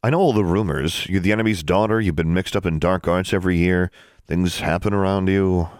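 A man's voice: deep voice, a little fast, darkish tone, dry recording, clean studio sound, close to an everyday voice. A man voicing an earnest, slightly awkward teenage wizard boy.

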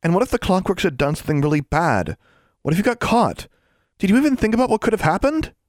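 Man doing a worried little schoolgirl, high, fretting and scolding, audiobook. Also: big pitch swings, rapid-fire, no echo, clean studio sound. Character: anxious, studious young schoolgirl witch.

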